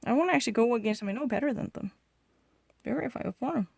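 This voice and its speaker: Young korean-native woman gaming and bragging, super fast, gravelly, kinda defensive. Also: on the high side, animated, no room sound. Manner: boastful and defensive, insisting loudly; switches between two languages mid-thought. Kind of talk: casual gaming vlog chat.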